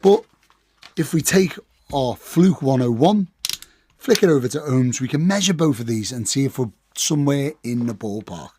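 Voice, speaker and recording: Croaky-voiced man at a workbench. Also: mid-range voice, expressive, moderate pace, darkish tone, dry recording. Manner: chatty, self-deprecating asides. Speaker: pedal builder. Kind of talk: casual hands-on build tutorial.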